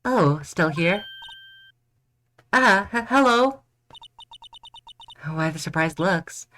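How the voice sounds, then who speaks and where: A man's voice: sits high, expressive, extremely slow, bright, forceful tone, slight background noise, pitched above the performer's own voice, heavily acted. A man putting on a flirty, sassy woman's voice. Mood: teasing. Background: game music.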